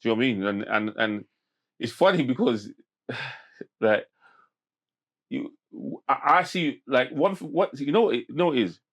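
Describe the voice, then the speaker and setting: A man, a podcast guest telling stories in animated street slang with many restarts. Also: mid-range voice, moderate pace, long pauses. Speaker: podcast guest, men's mental health campaigner. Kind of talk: casual podcast conversation.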